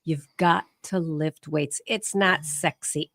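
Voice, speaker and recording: Woman, middle-aged, low voice, casual chat, encouraging, dry sound. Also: steady tone, slow, a bit bright, dry recording. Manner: encouraging, lots of short affirmations. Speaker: podcast co-host.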